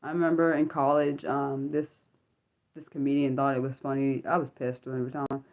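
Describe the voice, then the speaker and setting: A woman's voice: a bass voice, flat delivery, normal speed, phone-quality sound. A woman in her thirties hosting a casual unscripted livestream, rambling from topic to topic and losing her thread. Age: 30s. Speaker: livestream host.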